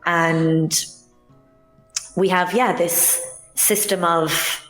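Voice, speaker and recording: Irish woman guest, lowish voice, eager teacher's explaining manner; echoey room, faint music. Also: extremely slow. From Ireland. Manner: enthusiastic, explanatory, lively. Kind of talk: casual interview chat.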